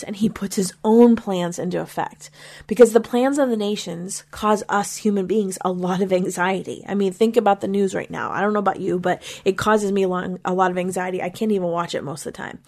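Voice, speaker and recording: The Christian podcast host from Pennsylvania reflects on a psalm in a sincere, conversational devotional style, her mid-range voice a little mellow. Small repetitions slip in as she thinks aloud.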